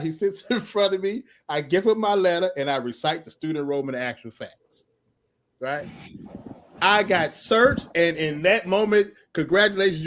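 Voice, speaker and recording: A middle-aged man telling his story with lots of energy. His voice sits a little high for a man. He laughs often and acts out the people in the tale. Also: a bit bright. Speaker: podcast guest telling his testimony. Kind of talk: animated storytelling.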